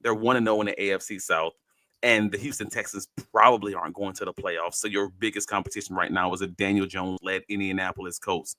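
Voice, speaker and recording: A man's voice: low voice, fairly even intonation, fast talker, bright, forceful tone, no room sound. A man co-hosting a sports podcast in casual talk, blunt and emphatic, speaking his mind plainly. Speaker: podcast co-host.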